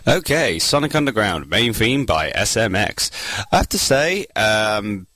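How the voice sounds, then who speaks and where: A man's voice: on the low side, sing-song, a little slow, sharp tone, no room sound, rough recording. A man hosting a podcast and judging a contest, rambling with lots of fillers. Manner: rambling, hesitant, many fillers. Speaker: contest judge and podcast host.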